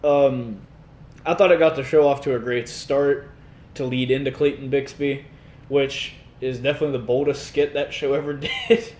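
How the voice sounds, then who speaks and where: A man co-hosting a podcast in casual chat, laughing often and breaking into animated voices to quote sketches. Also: mid-range voice, moderate pace, echoey room, slight background noise. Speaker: podcast co-host.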